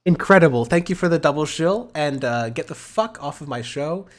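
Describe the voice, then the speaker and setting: A man's voice: a little high, animated, normal speed. A man hosting a casual political livestream, rambling and sarcastic, with a profane, joking way of talking. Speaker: livestream host.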